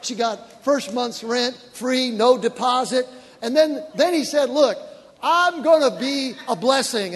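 A man, a pastor, preaching a sermon with animated storytelling that rises to shouted praise. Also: very high-pitched, unhurried, slightly rough. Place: large church auditorium. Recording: long reverb of a large church hall with congregation. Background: faint congregation.

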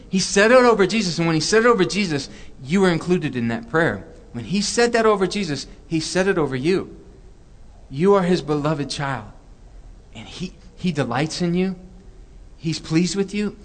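A man co-hosting a Christian talk show, speaking earnestly and repeating phrases for emphasis. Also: on the high side. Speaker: co-host. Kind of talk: Christian podcast chat.

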